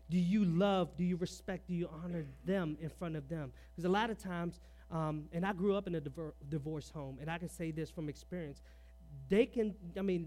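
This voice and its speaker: A man with a notably high voice delivers a conversational sermon. He keeps asking the congregation pointed rhetorical questions and peppers his points with "all right." His tone is earnest and personal rather than formal. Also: a little mellow. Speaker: preacher.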